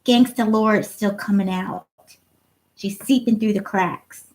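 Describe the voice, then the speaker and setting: A woman's voice: medium pitch, expressive, normal speed, darkish tone, rough recording. A woman hosting a casual livestream chat, reading viewer comments aloud and laughing often. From Ohio. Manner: chatty, giggly, reads comments aloud. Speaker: livestream host.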